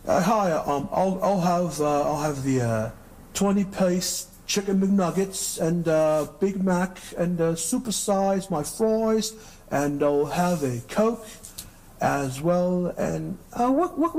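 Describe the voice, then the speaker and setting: A man putting on a slow, fussy British accent to order fast food. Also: sits high, animated, a little mellow, pitched above the performer's own voice, heavily acted.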